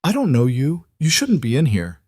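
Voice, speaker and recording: A man's voice: mid-range voice, wildly swooping pitch, normal speed, a little mellow, no room sound, studio quality, voice pushed up. A man voicing a cornered young bride who pleads and argues with rising desperation. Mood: defensive.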